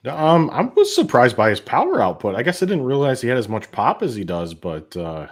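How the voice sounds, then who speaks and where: A man co-hosting a sports podcast, speaking in relaxed, measured casual chat. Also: mid-range voice. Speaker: podcast co-host.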